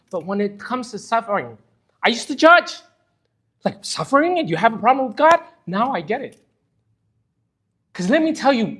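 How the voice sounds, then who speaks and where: A middle-aged man teaches a church Bible study in a slightly husky voice. His pitch swings widely as he moves from calm explanation to open, candid emotion. He speaks earnestly and plainly. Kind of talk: impassioned church lesson.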